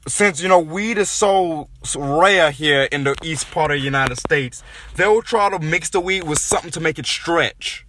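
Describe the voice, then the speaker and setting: A man's voice: fairly high pitch, moderate pace, a little hiss or hum. A man in his twenties co-hosting a casual chat, rambling and getting worked up as he riffs on ideas. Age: 20s. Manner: rambling, excitable, riffs into rants.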